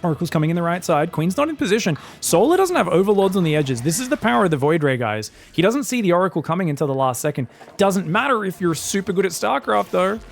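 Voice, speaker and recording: A man's voice: high-pitched, sing-song, quick pace, vocal fry, few pauses, soft background music. An Australian man casting an esports match live, rambling through joking asides between play-by-play commentary. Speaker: esports caster.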